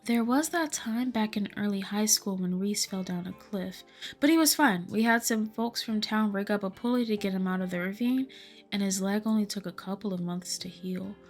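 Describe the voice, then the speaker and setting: A woman's voice: medium pitch, moderate pace, faint music behind, close to an everyday voice. A woman voicing a chipper, nosy young female cryptid hunter, reading a game aloud in an upbeat, breezy way.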